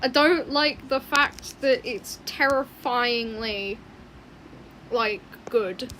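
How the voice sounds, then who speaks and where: Brief: young woman artist, casual unhurried rambling, high-ish voice, mutters to herself. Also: slight background noise, low-quality recording. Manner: rambling, chatty, often muttering quietly to herself. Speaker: artist streaming her drawing. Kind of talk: casual rambling chat while drawing.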